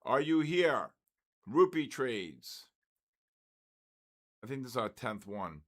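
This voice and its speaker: A man's voice: medium pitch, animated, moderate pace. An older man hosting a live trading stream, calling out viewers' names with joking exasperation. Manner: exasperated, joking, calls names in a loud sing-song. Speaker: trading session host.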